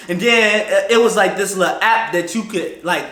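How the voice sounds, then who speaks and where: A man telling a personal story in an animated, slangy, casual way, jumping between loud outbursts and low mutters. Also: moderate pace, hardly any pauses, reverberant.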